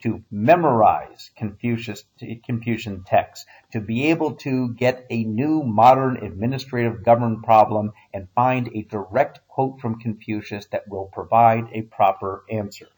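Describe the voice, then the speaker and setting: A man's voice: lowish voice, measured pace, hardly any pauses, a little mellow, rough recording. Wry, rambling history teacher, man. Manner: conversational, wry asides, frequent fillers. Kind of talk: recorded classroom lecture.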